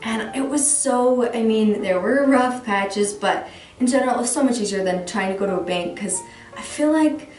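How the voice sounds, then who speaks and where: A woman's voice: on the high side, moderate pace, darkish tone. Chatty young woman vlogging advice. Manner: chatty, rambling, self-deprecating. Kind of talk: casual advice vlog. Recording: roomy room, distant mic, faint music.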